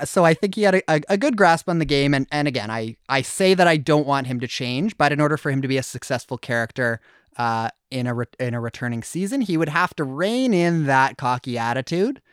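A man's voice: medium pitch, animated, fairly quick, clear, resonant tone, no room sound. A man co-hosts a casual podcast, chatting loosely with frequent restarts and easy laughs. His voice sits in the middle range, and the recording is dry and close. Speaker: podcast co-host. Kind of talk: casual chat.

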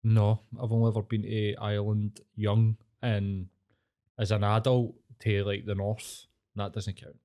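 A man's voice: lowish voice, flat delivery, a little slow, dark tone. A young Glaswegian man telling jokey, sweary stories in casual podcast chat. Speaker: podcast co-host.

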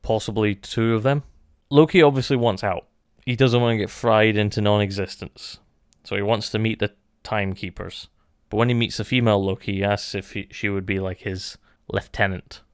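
A man talks through a show review in a loose, musing way, stacking "like" between his thoughts. His voice is smooth and clear. The sound is dry and close, with no room echo. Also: fairly low pitch, fairly even intonation, normal speed. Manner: thoughtful, musing, many "like" fillers. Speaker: podcast co-host. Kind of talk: casual review chat.

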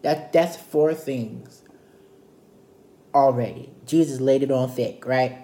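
Playful male Bible teacher, mellow low voice, roomy echoey room. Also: slow. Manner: chatty, playful, animated retelling. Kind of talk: casual Bible study teaching.

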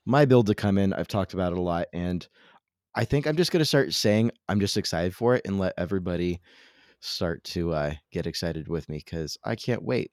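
A man's voice: deep voice, expressive, moderate pace, darkish tone, no room sound, clean studio sound. A man hosting a podcast who has just woken up, laid-back and eager in casual chat. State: just woke up, voice not warmed up. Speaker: podcast host. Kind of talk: casual chat with sponsor read.

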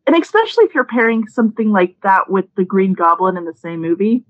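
A woman's voice: medium pitch, big pitch swings, fast talker, lo-fi sound. A woman guest on a podcast in casual chat, agreeable and brief.

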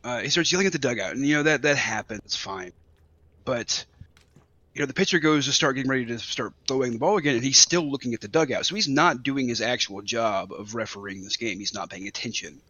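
A man's voice: medium pitch, fast, sharp tone, no room sound, highs cut off. A man co-hosting a podcast, stammering and swearing as he rants about a sports incident. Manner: stammering, heated, swears freely. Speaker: podcast co-host. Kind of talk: casual podcast chat.

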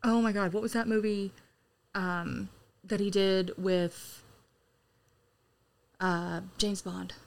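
A woman co-hosting a podcast, telling an animated story in casual chat and laughing often. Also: mid-range voice, slow, long pauses. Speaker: podcast co-host.

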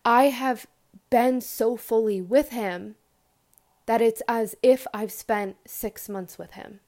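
Young female podcast host, slightly high voice, earnest and rambling, lively quoted asides. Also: slow pace. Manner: earnest, rambling, many fillers and restarts. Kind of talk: casual spiritual monologue.

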